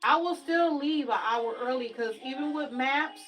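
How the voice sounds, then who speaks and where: A woman's voice: sits high, moderate pace, a bit bright, low-quality recording. A woman guest in a casual chat, telling homey stories in a chatty way. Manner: chatty and storytelling, homey expressions.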